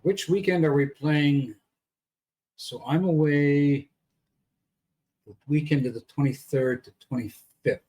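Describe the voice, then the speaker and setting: A man's voice: a little high, slow pace, pauses often, darkish tone. A man, a player in a tabletop game, chatting casually in a matter-of-fact way about scheduling. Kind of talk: casual tabletop session chat.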